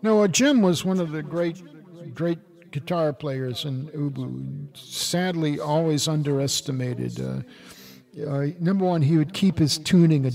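An older man reminisces at a wandering pace, breaking off and restarting his sentences. His voice sits a little high for a man. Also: a little slow, creaky, a little mellow. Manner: rambling, many restarts. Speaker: podcast co-host. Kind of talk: casual chat and reminiscing.

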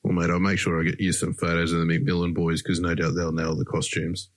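Australian male podcast host, very low and monotone, dry close sound, relaxed mate-heavy chat. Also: fairly quick, dry recording. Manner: laid-back, says mate constantly. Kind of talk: casual interview chat.

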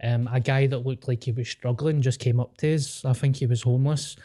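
A man's voice: mid-range voice, fairly quick. A Scottish man co-hosting a podcast, joking crudely and swearing freely in casual banter. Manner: joking, swears freely, deadpan wind-ups. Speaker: podcast co-host.

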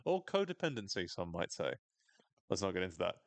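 Guy with a lowish voice doing a swear-heavy tv recap, dry close sound. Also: brisk, no room sound. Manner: animated, sweary and wry. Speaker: podcast co-host recapping a TV episode. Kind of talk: casual recap chat.

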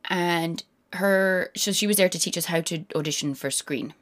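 A woman in her thirties, a guest actor in a casual interview, telling animated stories and slipping into quoted voices. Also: on the low side, moderate pace.

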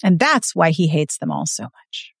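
A woman's voice: deep voice, normal speed, vocal fry, husky, no echo, studio quality. A woman co-hosting a podcast, recapping a novel in casual chat and acting out the characters' lines. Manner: animated storyteller, acts out quotes, swears casually. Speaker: podcast co-host.

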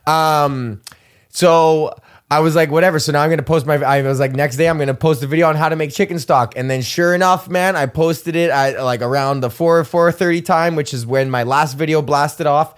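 Young male host, casual profane rant, rambling and animated, voice on the higher side. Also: normal speed, clear, resonant tone. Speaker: podcast host. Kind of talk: casual ranting monologue.

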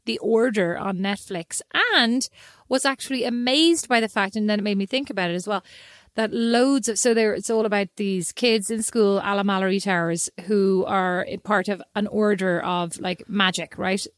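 A middle-aged woman chatting casually as a podcast co-host, animated and prone to acting out quoted asides. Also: medium pitch, normal speed, few pauses, dry recording, studio quality. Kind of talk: casual chat.

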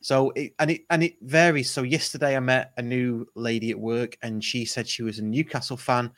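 Man, podcast host, casual football chat, rambling, mid pitch. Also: steady tone, brisk, fairly bright tone. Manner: rambling, restarts often, chuckles.

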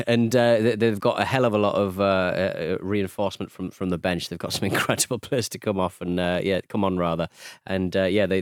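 A man's voice: low voice, smooth, no echo. Man, podcast co-host, hesitant, lots of fillers, dry close mic. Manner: halting, many fillers, chuckles. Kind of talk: casual football podcast chat.

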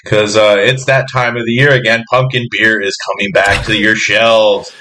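Casting: man with a lowish voice, joking sidekick who tosses in wisecracks. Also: little pitch movement, sharp tone. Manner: joking banter, quick wisecracks. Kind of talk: casual chat.

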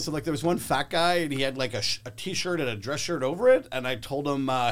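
A man's voice: fairly high pitch, quick pace, hardly any pauses. A man, a guest comedian, telling stories in casual podcast chat and acting out the people in them. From English-speaking, not French-native. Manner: animated storyteller, acts out voices.

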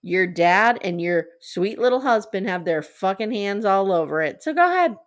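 A woman doing a cold scheming young man, snarling threats, clipped delivery, lively rise and fall in the voice, raised and pushed at times, recapping a TV drama. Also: mid-range voice, moderate pace, close to an everyday voice. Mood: menacing.

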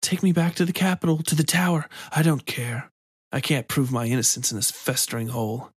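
A man's voice: medium pitch, level tone, fairly quick, husky, no room sound, clean studio sound, lightly acted. A man voicing a sly, provocative village priest who taunts in a hissing, insinuating way. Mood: desperate.

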